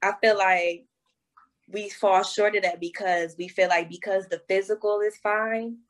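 A young woman speaking as a podcast guest, expressive and emotional, often laughing as she talks candidly. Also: medium pitch, measured pace. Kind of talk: candid conversation.

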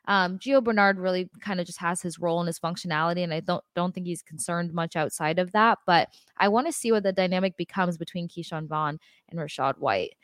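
A woman co-hosting a sports podcast, talking to fans in a lively, emphatic way. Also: lowish voice, brisk, hardly any pauses, dry recording, studio quality. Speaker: podcast co-host. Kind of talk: casual sports chat.

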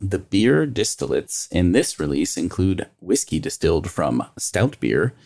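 A man with a low voice co-hosts a podcast, and his pitch moves up and down a lot as he jokes and reads details aloud. He sounds playful and loose. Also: sing-song, measured pace, creaky, darkish tone. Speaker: podcast co-host. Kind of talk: casual chat.

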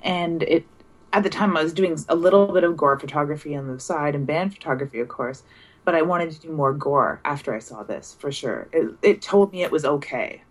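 A woman's voice: deep voice, a little fast. A woman co-hosting a casual movie podcast, dry and matter-of-fact. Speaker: podcast co-host.

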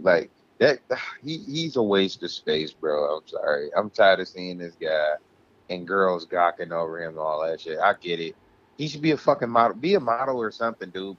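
Low-voiced man on a profane rant. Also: lo-fi sound. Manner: profane, heated, ranting. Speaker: podcast co-host. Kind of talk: casual ranting chat.

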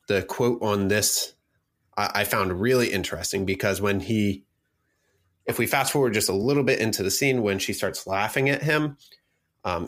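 Man, low voice, casual rambling podcast talk, lots of fillers. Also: fairly bright tone. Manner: rambling, many fillers and restarts. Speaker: podcast co-host.

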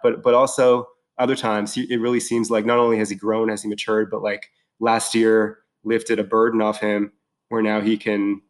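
Rambling, excitable man chatting casually. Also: on the low side. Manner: excited, rambling with many fillers and restarts. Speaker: podcast guest. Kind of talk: casual chat.

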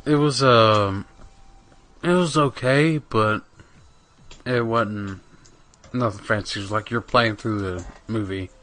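Rambling young man, bright voice. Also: fairly low pitch, slow, pauses often. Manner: rambling, profane, many fillers. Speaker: podcast co-host. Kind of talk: casual gaming chat.

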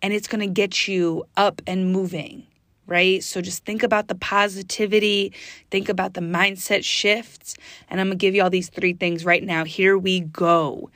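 A woman hosts her own motivational podcast in a lively, chatty monologue, and her voice jumps up high when she gets excited. She speaks close to the mic in a dry, echo-free recording. Her pitch sits in a middle range for a woman. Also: normal speed. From US East Coast. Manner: energetic, chatty, bursts into high exclamations. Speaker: podcast host.

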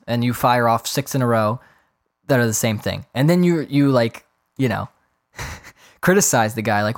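A man's voice: medium pitch, normal speed, pauses often. A man hosting his own podcast in a casual solo rant, exasperated and profane, often mocking others in put-on voices. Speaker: podcast host.

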